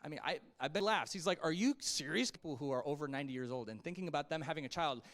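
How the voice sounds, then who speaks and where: A man's voice: on the high side, very fast, a bit bright. Man teaching a casual Bible lesson. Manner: conversational, acts out the people he quotes. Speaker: Sunday school teacher.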